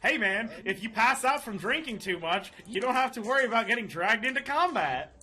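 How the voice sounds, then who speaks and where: A man running a tabletop game as dungeon master, animated and laughing often. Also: extremely high pitch, a little fast.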